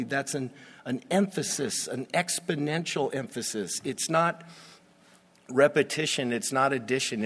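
Guy preaching real slow and deliberate, builds up loud then drops quiet, mid pitched. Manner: slow, emphatic preaching with dramatic pauses and surges in volume. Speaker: pastor. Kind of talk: sermon.

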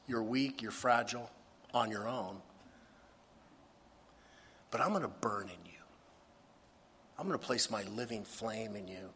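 A man's voice: fairly low pitch, unhurried, long pauses, fairly bright tone, big-room sound, slight background noise. A man voicing God in a sermon, speaking to Moses in an intimate, reassuring way. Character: God, tender reassuring male divine voice.

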